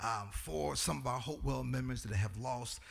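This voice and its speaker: A man's voice: mid-range voice, moderate pace, gravelly. A man pastor addressing his congregation, with many "um" fillers, swelling into a sing-song preaching cadence. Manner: frequent "um" fillers. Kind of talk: church announcements and sermon.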